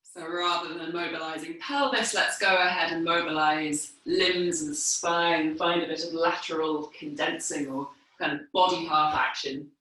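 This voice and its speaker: Woman movement teacher, calm floor cues, slightly winded; roomy, distant sound. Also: sits low. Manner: calm, unhurried cueing while moving on the floor. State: a little out of breath from exercising. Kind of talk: guided movement class instruction. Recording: echoey room, mic far off.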